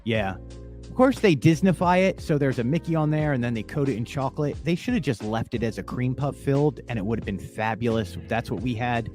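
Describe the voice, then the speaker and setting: A man co-hosting a podcast in casual chat, animated and chatty with frequent fillers. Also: medium pitch, brisk, faint music behind. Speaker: podcast co-host.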